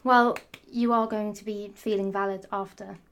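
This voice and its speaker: A woman's voice: medium pitch, flat delivery, normal speed. A young woman, ranting into the camera in a sarcastic, sassy, rambling way and swearing freely. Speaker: vlogger. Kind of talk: ranting casual monologue.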